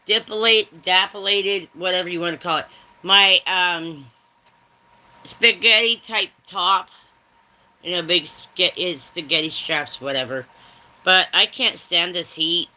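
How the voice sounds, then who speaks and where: A woman's voice: mid-range voice, pushed and bright, rough recording. A woman hosting a casual livestream chat from home, talking straight to her viewers in a rambling, chatty way. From Germany. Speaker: livestream host.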